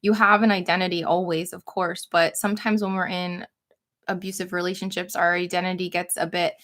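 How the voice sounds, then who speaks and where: A woman's voice: on the low side, little pitch movement, fairly quick, a bit bright. Chatty woman in her thirties. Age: 30s. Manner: chatty, many fillers, supportive. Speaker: livestream co-host. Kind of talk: casual chat.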